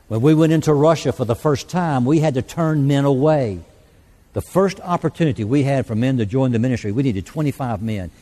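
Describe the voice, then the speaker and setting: A man's voice: mid-range voice, warm tone. A man giving an earnest, folksy sermon in a church service, leading a prayer and telling mission stories. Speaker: church speaker.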